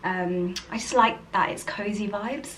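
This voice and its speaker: A woman chatting casually to the camera in a home vlog, rambling and soft-spoken. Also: mid-range voice, measured pace, slight background noise, rough recording. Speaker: vlogger. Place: home interior.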